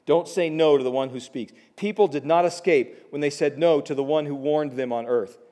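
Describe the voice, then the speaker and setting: A man's voice: a little high, moderate pace, dark tone. A man delivers a sermon in a slightly raised voice. He talks to the congregation in a loose, conversational way with quips and asides, then presses his warnings with growing emphasis. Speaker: pastor.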